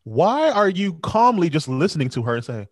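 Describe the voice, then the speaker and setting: A man in a casual movie chat, blunt and profane, ranting with animated energy. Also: a little high, moderate pace, dry recording, clean studio sound. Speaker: movie review co-host.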